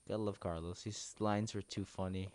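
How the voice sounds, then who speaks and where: A man's voice: deep voice, fairly even intonation, measured pace, a little mellow. Chatty male game streamer. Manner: chatty, laughs often, rambling. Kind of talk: gameplay commentary livestream.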